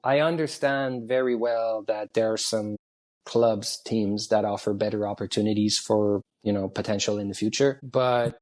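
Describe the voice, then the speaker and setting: A man's voice: fairly low pitch, steady tone, normal speed, darkish tone. A man from Canada, a former junior hockey player, giving earnest advice in a casual interview chat, often repeating his key points.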